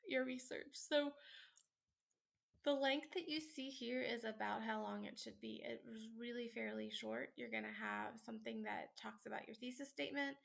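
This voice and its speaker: A tired woman instructor explains a sample paper late at night at home in a loose, chatty way, with plenty of ums and likes. Her voice sits a bit high and carries a heavy vocal fry throughout. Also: fairly even intonation, normal speed. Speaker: college instructor. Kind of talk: screen-recorded lesson walkthrough.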